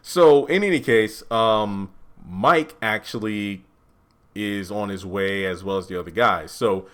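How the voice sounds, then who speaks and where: A man giving a casual spoken review of a TV episode, animated and quick to act out the characters' lines. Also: lowish voice.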